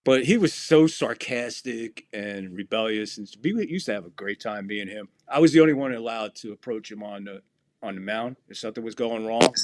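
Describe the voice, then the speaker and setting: A man's voice: fairly low pitch, a little fast, no room sound, studio quality. A man hosting a podcast, telling stories casually with lots of swearing and acted-out quotes. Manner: profane, animated storyteller acting out quotes. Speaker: podcast host. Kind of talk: casual storytelling chat.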